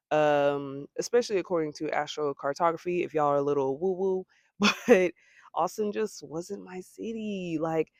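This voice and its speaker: A young American woman talking casually to the camera in a vlog, chatty, with laughing asides and lively quoting of her own thoughts. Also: on the low side, dry recording, clean studio sound. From United States. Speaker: vlogger. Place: home abroad.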